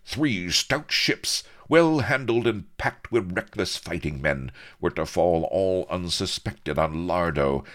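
Casting: swaggering young naval hero, read by a man, bold and declaiming, gravelly edge. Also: a bass voice, very animated, unhurried, fairly bright tone, heavily acted. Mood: rousing. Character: dashing, boastful young male naval adventurer.

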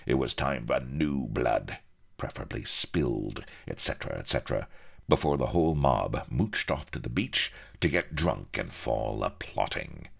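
A man's voice: a bass voice, expressive, moderate pace, creaky, slightly rough. A man reading a story aloud in a theatrical, playfully ironic storytelling manner. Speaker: narrator. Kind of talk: audiobook narration.

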